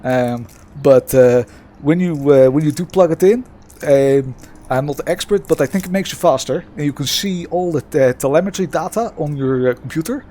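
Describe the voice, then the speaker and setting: Putting on a Dutch accent, this man plays a sarcastic pretend gadget presenter from his home sim-racing rig, sounding like a smug salesman and hesitating often. His voice is on the high side and dark in tone, at normal speed and natural-sounding.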